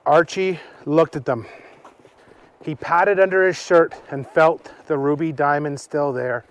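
A man telling an improvised children's story slowly while outdoors on a hike. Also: on the high side, steady tone. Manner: slow, unhurried storytelling.

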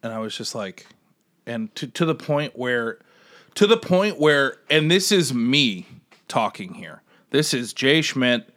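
A young man co-hosting a podcast, telling an animated story in casual chat. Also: takes it slowly. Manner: animated, laughs while telling stories, jumps into high excited voices. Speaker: podcast co-host.

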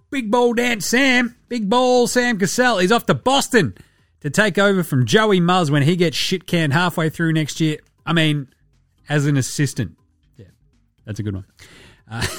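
A man hosting a casual basketball podcast, animated and sweary with jokey asides. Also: on the high side, dry recording, clean studio sound. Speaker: podcast host.

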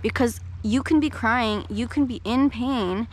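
A woman coach and podcast host giving a reflective talk in a gentle, slow, soothing way. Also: a little high.

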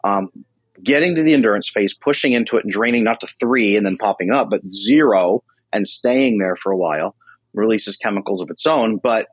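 A man talking casually as a guest on a podcast about controlling anxiety, telling animated stories and acting out his friends' voices. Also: on the low side, brisk, husky, no room sound, low-quality recording.

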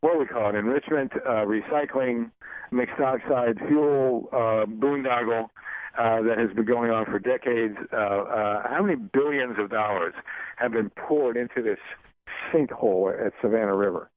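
A man hosting a radio show, talking in a halting, folksy way full of ums and uhs. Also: mid-range voice, no echo. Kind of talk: casual radio interview. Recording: dry, tinny phone-like broadcast audio.

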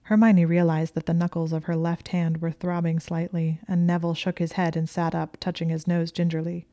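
A woman reading a story aloud as narrator, measured, sometimes hushed to a whisper. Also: on the low side, completely flat delivery. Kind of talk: audiobook reading of fan fiction.

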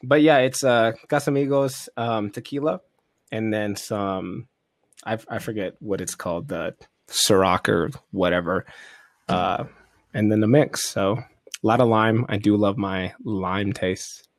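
A man's voice: lowish voice, steady tone, unhurried, no room sound. Laid-back man hosting a podcast, dry sound. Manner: laid-back, laughing, lots of fillers. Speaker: podcast host. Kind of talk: casual chat.

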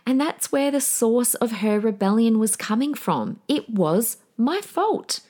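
A woman's voice: a little high, sing-song, a little slow, dark tone. A middle-aged woman hosting a podcast, talking casually and candidly with fillers and small laughs, acting out her own past thoughts in quoted asides. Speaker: podcast host. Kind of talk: casual solo podcast talk.

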